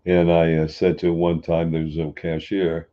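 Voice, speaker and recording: A man's voice: sits low, monotone, normal speed, mellow. A man talking in a folksy, plain-spoken way, joking lightly as he explains. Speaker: speaker answering a question. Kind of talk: relaxed spoken talk. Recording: dull lo-fi sound.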